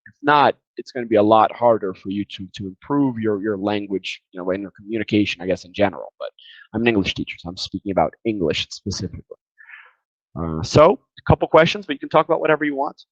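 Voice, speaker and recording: A man's voice: lowish voice, expressive, quick pace, dry recording. A man teaching English grammar in a casual, chatty way, tired and often repeating words as he thinks. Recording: slightly dull lo-fi sound.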